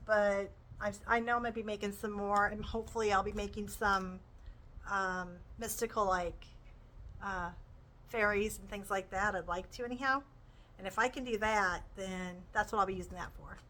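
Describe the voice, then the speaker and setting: Chatting with enthusiasm, a woman presents her crochet haul as a casual show-and-tell. Her mid-range voice is a bit bright and moves at normal speed, but the audio quality is poor.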